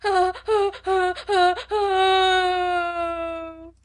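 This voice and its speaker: A woman's voice: extremely high pitch, level tone, extremely slow, voice pushed up, exaggerated voice. A woman voicing a small spoiled girl who wails and sobs through broken words, in a storybook reading. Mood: wailing tantrum.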